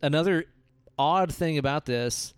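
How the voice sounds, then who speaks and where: A man's voice: a little high, measured pace, clear, resonant tone, dry recording. A man co-hosting a podcast, chatting casually about a film, joking and swearing freely. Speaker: podcast co-host. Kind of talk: casual movie discussion.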